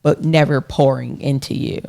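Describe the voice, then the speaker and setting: A woman co-hosting a podcast, speaking in a direct, candid way with some gentle teasing. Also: extremely low pitch, steady tone, normal speed, gravelly. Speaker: podcast co-host. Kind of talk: casual relationship chat.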